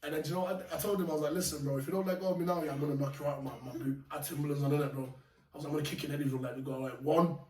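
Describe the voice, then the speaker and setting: Male guest, fast and animated storyteller, slightly high voice, roomy far-mic sound. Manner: animated, laughing, slangy. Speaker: podcast guest. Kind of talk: casual storytelling. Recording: echoey room, mic far off, faint noise.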